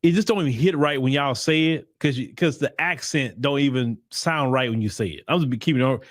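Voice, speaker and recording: This man from the United States runs a commentary channel, speaking briskly at medium pitch. The sound is clean studio audio with no room sound, and his opinions come out blunt and emphatic in casual slang, frequently repeated for emphasis.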